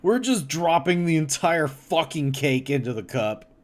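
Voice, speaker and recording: A man streaming casually, laughing often and reacting to things with loud mock horror and swearing. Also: fairly high pitch, lively intonation, unhurried. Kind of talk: casual livestream chat.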